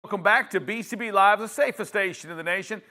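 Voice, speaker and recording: Bright, high-voiced male show host. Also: fast. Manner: energetic, chatty, leans on the co-host's name. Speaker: host of a trucking radio show. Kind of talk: live broadcast banter. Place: studio.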